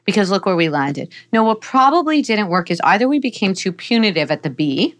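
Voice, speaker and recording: Her medium-pitched voice moves briskly as this middle-aged psychologist, a podcast guest, teaches about parenting. Earnest and explanatory overall, she livens up playfully in her examples.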